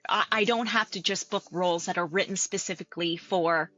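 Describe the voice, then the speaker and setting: A Canadian woman talks through an interview in a lively, chatty way, often laughing. Her voice has a bright, forward ring. Faint music plays quietly beneath her. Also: fairly low pitch, fairly quick, dry recording, dull audio. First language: English. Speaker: actor-coach guest. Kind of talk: casual interview conversation.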